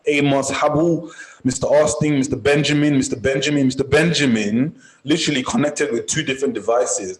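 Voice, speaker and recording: Brief: male forex coach from Nigeria, mid-pitched, chatty and upbeat, echoey room. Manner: upbeat, chatty shout-outs. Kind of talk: casual live group call. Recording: roomy echoey sound.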